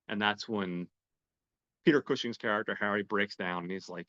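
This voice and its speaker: A man with a fairly low voice casually recaps a film plot, stopping to voice the characters as he goes. He talks haltingly, repeats words and says um often. The sound is dry and a little dull. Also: bright, forceful tone, no echo. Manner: retells scenes, briefly voicing characters. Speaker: podcast host.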